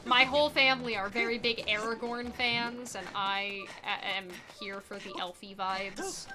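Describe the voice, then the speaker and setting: A woman's voice: on the high side, fairly even intonation, unhurried. A woman streamer chatting casually during a speedrun, reading chat aloud and laughing often. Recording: game music playing behind.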